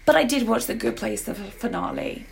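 Gravelly-voiced woman with a sore throat. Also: fairly high pitch, fairly quick, slight background noise. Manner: chatty, animated asides. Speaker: podcast co-host. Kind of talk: casual chat.

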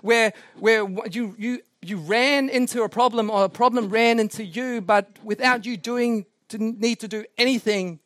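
A male preacher telling a sermon anecdote in an animated, self-mocking way. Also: high-pitched, moderate pace, few pauses, no echo, studio quality. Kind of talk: sermon storytelling.

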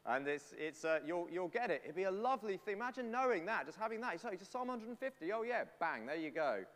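A man's voice: high-pitched, sing-song, quick pace, fairly bright tone. A man leading a playful, chatty sermon and talking with the congregation. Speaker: preacher. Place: church. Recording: long church reverb.

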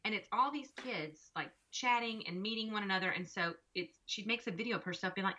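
A woman, a mother and co-host, chatting casually and telling an animated story in which she acts out the dialogue. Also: medium pitch, fast, few pauses. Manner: expressive, acts out quoted dialogue. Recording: dull lo-fi recording.

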